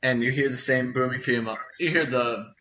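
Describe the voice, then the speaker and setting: A man's voice: mid-range voice, brisk, pushed and bright, highs cut off, a little hiss or hum. A man narrating a tabletop game as game master, casual and plain.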